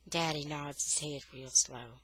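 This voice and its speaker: A woman reading a children's novel aloud for English learners, slow and expressive. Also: deep voice.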